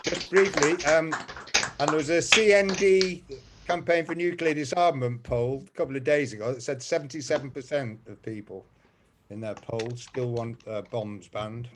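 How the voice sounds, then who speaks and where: A man's voice: on the high side, moderate pace. A man making brief, hesitant remarks after singing, on a video call. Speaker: folk singer guest. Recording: noisy video call line with key clicks.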